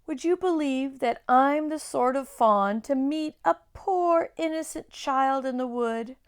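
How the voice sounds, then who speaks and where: A woman voicing a remorseful, timid male faun who speaks in a pleading, halting way. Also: high voice, voice pushed up.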